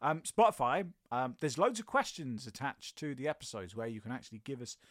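A man's voice: mid-range voice, big pitch swings, fairly quick, no echo. A man hosting a comedy podcast, chatting loosely and jokily, often tripping over his words and correcting himself. His voice sits in a middle register and sounds a touch tired. The recording is close and dry, with no room sound. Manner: rambling, jokey, self-correcting. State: a bit tired. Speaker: podcast co-host. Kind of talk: casual podcast outro chat.

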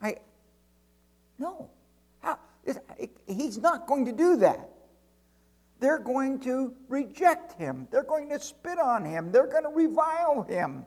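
A man's voice: very high voice, a little mellow, pitched above the performer's own voice, exaggerated voice. A man voicing a bewildered, incredulous male angel who stammers in disbelief.

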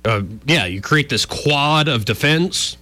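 Man, talk radio host, bright voice, dry studio mic, wry joking banter. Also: fairly high pitch, animated, slow, dry recording. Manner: wry, joking, rambling asides.

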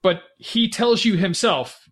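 Bright-voiced man rambling about movies. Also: high-pitched, takes it slowly. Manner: rambling, full of fillers and restarts, laughs often. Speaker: podcast co-host. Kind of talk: casual movie chat.

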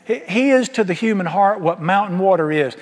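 A man delivers a sermon, folksy and emphatic, throwing rhetorical questions at his listeners. His voice sits a little high for a man. Long reverb of a church sanctuary trails behind every phrase. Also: animated, a little fast. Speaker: pastor. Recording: long reverb of a large hall.

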